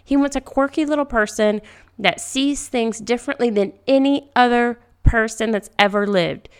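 A woman hosting a faith-based podcast, talking gently and reassuringly, repeating her key phrases. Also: fairly high pitch, normal speed, clear, resonant tone. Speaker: podcast host. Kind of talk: faith-based encouragement talk.

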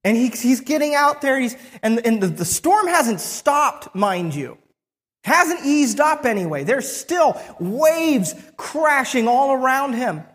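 A preacher retelling a Bible story in the first person, with frequent restarts and pauses. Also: high-pitched, big pitch swings, a bit bright, big-room sound.

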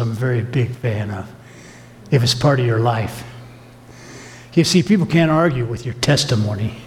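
A man's voice: on the high side, a little hiss or hum. A man preaching a sermon, telling stories with emphatic, acted-out quotes. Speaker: pastor. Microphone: filmed sermon.

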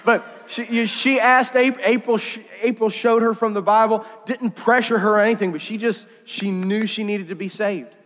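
Male pastor, middle-aged, high-pitched, lively storyteller; sermon in a long-reverb church. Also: normal speed, hardly any pauses. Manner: storytelling, animated, self-interrupting with fillers. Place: church sanctuary.

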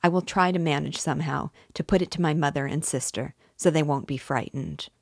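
A woman's voice: low voice, a little fast, vocal fry, no echo, studio quality. A woman reading aloud, voicing a bitter, proud young man who talks gloomily and defiantly. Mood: grim insistent.

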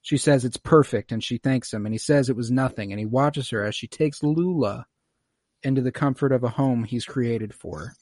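A young man hosting a casual podcast, recapping a show episode in an animated, joking way. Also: mid-range voice, moderate pace, no room sound, studio quality. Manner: animated storytelling recap with swearing and jokes. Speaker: podcast host.

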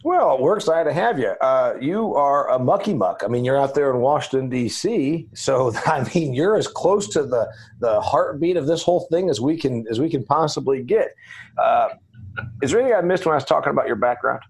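A man's voice: mid-range voice, lively intonation, brisk, slight background noise. A man hosting a farm business podcast, talking in a chatty, emphatic, folksy way. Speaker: podcast host. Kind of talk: casual podcast chat.

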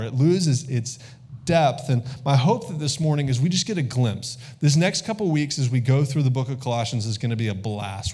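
A man in his thirties preaches to a congregation in a church sanctuary. His voice sits at a middle pitch. He keeps an easy call-and-response rhythm and asks the room for amens. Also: a little mellow, slightly rough. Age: 30s. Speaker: pastor. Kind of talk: sermon.

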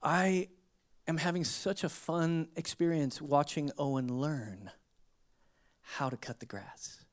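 Animated pastor swinging loud to hushed. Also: male voice, slow pace. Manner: animated, swinging from emphatic bursts to hushed low asides; conversational, with rhetorical questions and restarts. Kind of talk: sermon.

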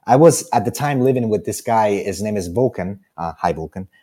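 A man's voice: on the low side, animated, fairly quick, dark tone, husky. A man with an Italian accent, a guest actor on an interview podcast, telling a story casually, laughing often and acting out the people he quotes. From Italy.

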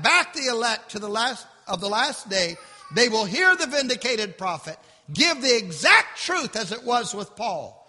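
High, bright, impassioned male preacher. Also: long reverb tail. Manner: impassioned preaching, builds to shouts then drops low. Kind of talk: sermon.

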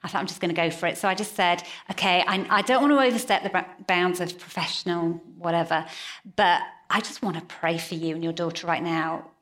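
A woman's voice: lowish voice, steady tone, fairly quick, fairly bright tone. A woman preaching a sermon in a conversational way, telling stories. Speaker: pastor. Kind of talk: sermon with storytelling.

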